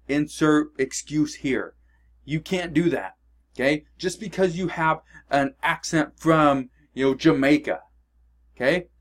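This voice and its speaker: A man's voice: on the high side, measured pace. A man vlogging casual advice straight to camera in a blunt, coaching way, often checking in with "okay?". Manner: emphatic, keeps checking in with "okay?" and "all right?". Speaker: online business vlogger.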